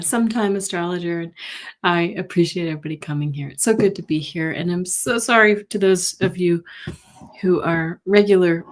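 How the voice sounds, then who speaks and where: A woman hosting a psychic livestream from home, chatting casually and greeting viewers by name. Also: lowish voice. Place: home in Colorado.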